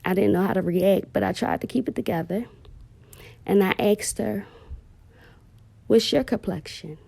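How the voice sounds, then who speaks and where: A woman's voice: mid-range voice, moderate pace, gravelly, a little mellow, husky, dry recording. A woman, heartfelt and emotional, telling viewers a personal story about her daughter and calling them "y'all".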